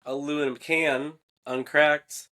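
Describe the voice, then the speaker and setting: A man's voice: fairly high pitch, level tone, slow, bright, forceful tone. A man as a guest on his wife's podcast, answering with short, wry, laid-back replies. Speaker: podcast guest, host's husband. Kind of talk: casual chat.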